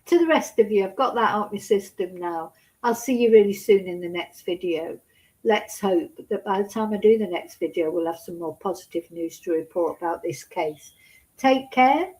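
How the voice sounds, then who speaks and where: A woman's voice: mid-range voice, normal speed, darkish tone, poor audio. A woman gives casual true crime commentary, indignant and sarcastic, scolding as she talks.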